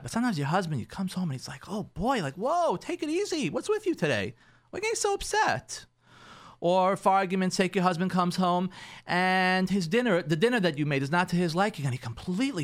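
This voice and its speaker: A rabbi hosts a radio advice show with a voice sitting somewhat high for a man. His pitch swings widely as he talks. He repeats phrases and drops into quick impressions of spouses while counseling couples. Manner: animated, repeats himself, acts out quoted spouses.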